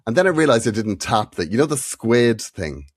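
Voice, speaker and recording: A man's voice: mid-range voice, sing-song, normal speed, breathy edge, dry recording, studio quality. An Irish man co-hosting a comedy podcast, telling self-mocking stories with lots of laughter. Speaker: podcast co-host. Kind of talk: comic storytelling chat.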